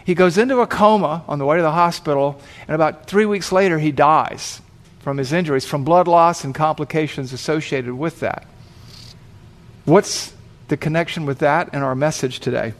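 A man's voice: a little high, normal speed. A man preaching, telling a vivid story and acting out the voices of the people in it. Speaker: pastor. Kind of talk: sermon storytelling.

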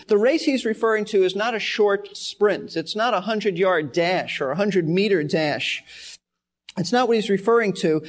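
High male voice, pastor, Bible teaching, earnest, emphatic, repeats key words.

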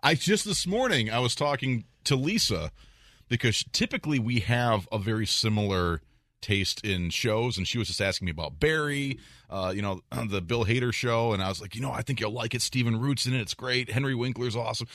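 A man co-hosting a radio show in casual chat, telling stories with lively quoted asides. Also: medium pitch, fairly quick, dry recording, studio quality. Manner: animated storyteller, acts out quoted lines.

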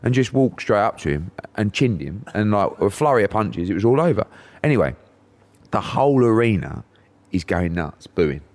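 Deep-voiced man telling a story. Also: normal speed. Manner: animated storyteller, acts out other voices. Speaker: podcast guest, boxing promoter. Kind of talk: anecdotal storytelling.

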